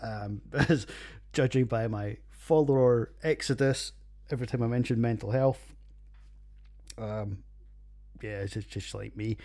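A man's voice: medium pitch, darkish tone. A man with a Scottish accent hosting a casual solo podcast, rambling and jokey with plenty of swearing. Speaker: podcast host reviewing beers.

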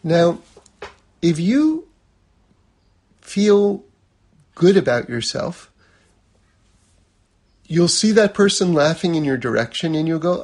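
A man's voice: on the high side, very animated, takes it slowly, long pauses, darkish tone. A man teaching a lesson on a religious text, talking conversationally and using everyday examples.

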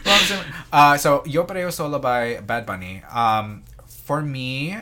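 A man's voice: medium pitch, unhurried, pushed and bright. A man chatting casually as a podcast guest, rambling with many fillers and restarts as he describes things. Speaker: sommelier guest.

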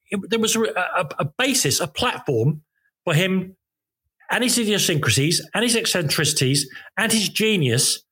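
A man with a slightly raised pitch and a husky edge tells long music anecdotes over a home call. He circles back, stumbles over his starts with "um" and "uh", and keeps the tone casual and chatty. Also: a bit bright. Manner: rambling, self-interrupting, many ums and restarts. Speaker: podcast guest, former music journalist. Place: corner of a room at home. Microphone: home recording, video call.

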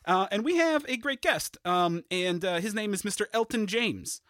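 A man filling in as host of a comedy podcast, rambling nervously with plenty of "uh"s and quick apologies. His voice is high and bright. The sound is dry and close to the mic. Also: animated, dry recording. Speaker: podcast producer and stand-in host.

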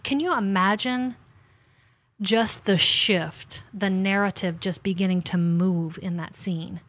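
A woman author and podcast host in casual faith conversation, chatty and animated, acting out her talks with God in little asides. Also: medium pitch, takes it slowly, dry recording.

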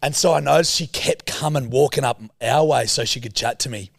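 Gravelly Australian guy spinning a yarn. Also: mid-range voice, a little fast, dry recording, studio quality. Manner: animated, slips into put-on voices. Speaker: podcast host. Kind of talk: casual storytelling chat.

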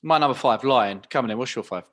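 A man's voice: medium pitch, fast, a bit bright. A man, co-hosting a podcast in casual, self-deprecating chat, saying "like" often. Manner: self-deprecating, says "like" a lot. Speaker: podcast co-host.

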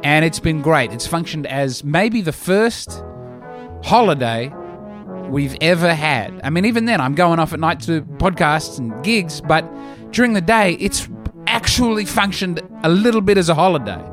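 A man talks through a comic podcast monologue, poking fun at himself as he goes. His voice sits a touch high and swings widely up and down. Music plays clearly underneath him. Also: moderate pace. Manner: animated, self-mocking, jokey. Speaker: podcast host and comedian. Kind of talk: casual comedic monologue.

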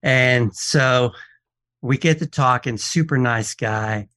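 A man telling stories on a radio talk show, quoting the people in them and often restarting his sentences. His pitch sits in the middle for a man. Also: takes it slowly. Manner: animated storyteller, quotes people in dialogue, frequent restarts. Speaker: watch expert and appraiser, guest. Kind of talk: casual radio show storytelling.

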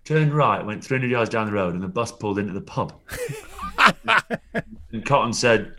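A man's voice: on the low side, huge pitch swings, normal speed, long pauses, crowd noise. A man, a former rugby player, telling rambling anecdotes with chuckles and frequent restarts in a casual interview.

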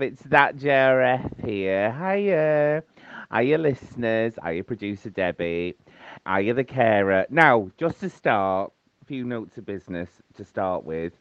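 A man leaving a chatty, silly voice message for a podcast. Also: no echo. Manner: chatty, silly, sing-song with big pitch swings. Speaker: caller. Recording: dull lo-fi phone message.

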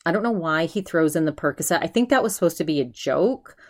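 A woman hosting her own podcast, chatting casually and retelling what others said with lively quoting. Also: deep voice, fast. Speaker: podcast host. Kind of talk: casual solo podcast chat.

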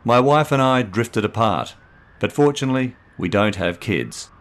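A man's voice: medium pitch, animated, normal speed, pitched above the performer's own voice, lightly acted. A man doing a swaggering, eager lawyer. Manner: eager, charming. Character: smooth divorced male lawyer, swaggering.

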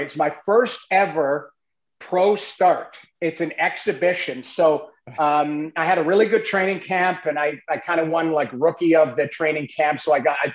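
A man telling a long story in a casual, animated way, full of restarts. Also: a little high, echoey room, dull audio. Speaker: guest, former goalie.

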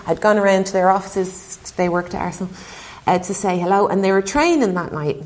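This Irish woman, once a goalkeeper, is a chatty interview guest who tells stories, acts out dialogue, and laughs a lot. Her voice is mid-range and her pace a little fast.

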